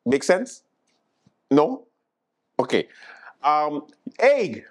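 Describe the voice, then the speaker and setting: A man's voice: a little high, sing-song, a little slow. A man hosting a late-night show, riffing through a comic monologue in an exasperated, mock-incredulous way and stumbling over repeated words for laughs.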